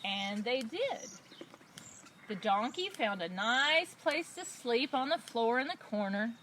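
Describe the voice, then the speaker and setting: Animated woman reading to children. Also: fairly high pitch, slow, low-quality recording. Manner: expressive, lively storyteller voice for kids. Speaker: children's librarian. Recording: loud background noise.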